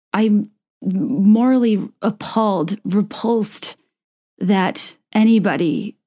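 A young woman giving a personal monologue to camera, earnest and impassioned, often halting and restarting mid-thought. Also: fairly low pitch, darkish tone. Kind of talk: personal monologue to camera with a read-aloud passage.

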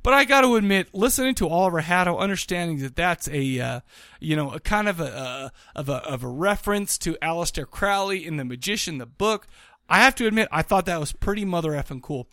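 A man in his thirties chatting on a podcast, rambling excitedly and tripping over restarts. His voice sits fairly high and sounds dry and close. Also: brisk, no room sound. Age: 30s. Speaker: podcast co-host. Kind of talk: casual chat.

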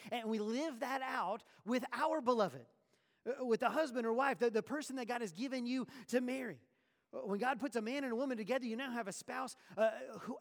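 A man preaching a sermon, animated and full of rhetorical questions and sarcastic asides. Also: sits high, in a large hall. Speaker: pastor.

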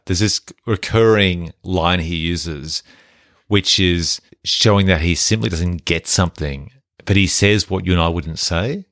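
Male podcast co-host, very deep voice, dry studio sound. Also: unhurried, no room sound. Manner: relaxed, conversational, hands out mock awards. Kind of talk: casual film-review chat.

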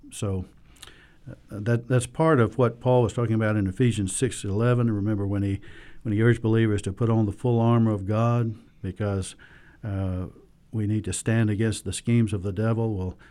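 A man's voice: on the low side, mellow. A man teaching a Bible study lesson, hesitant, with frequent fillers and restarts.

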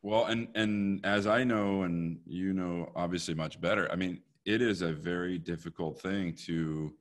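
A young man with a very deep voice talks casually as the interviewer. He rambles, hedges with "like" and laughs easily. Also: steady tone, a little slow. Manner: rambling, laughs often, hedging with "like". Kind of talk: casual conversation.

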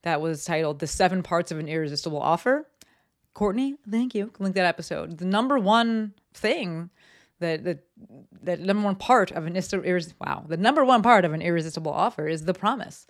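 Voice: medium pitch, expressive, fairly quick. A podcast host from New Jersey talks through a casual solo business episode from a home office, chatty and candid, with lots of ums and likes. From East Coast US, New Jersey.

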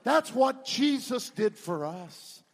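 In a sermon that echoes with the long reverb of a church sanctuary, a high-voiced male pastor swings from loud outbursts to quiet tones. His pitch moves widely and his pace is slow.

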